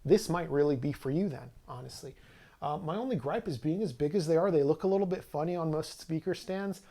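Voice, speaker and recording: Mellow, slightly high-voiced male reviewer. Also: brisk. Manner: conversational, loose, with frequent fillers and restarts. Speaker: audio equipment reviewer. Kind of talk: casual product review to camera.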